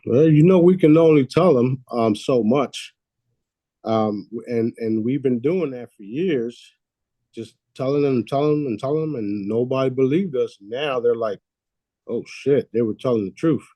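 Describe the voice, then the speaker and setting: A man's voice: medium pitch, normal speed, mellow, no room sound. Boastful preachy man, dry close sound. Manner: boastful, preachy, swears freely; laughs at his own lines. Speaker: host. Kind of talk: casual conspiracy talk.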